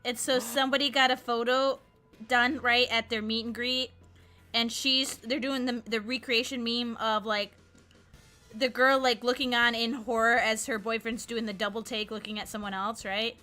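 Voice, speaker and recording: A chatty woman streamer with a bright, clear voice, rambling through stories as she plays. Soft music sits faintly behind her. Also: a little high, flat delivery, moderate pace. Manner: chatty, storytelling, lots of "I was like". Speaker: streamer host. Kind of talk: casual chat while gaming.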